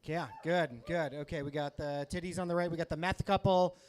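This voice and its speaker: A man's voice: fairly high pitch, fairly even intonation, brisk, a little hiss or hum. A man from New York doing a stand-up set on a club stage, teasing the crowd in a wry way. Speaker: stand-up comedian.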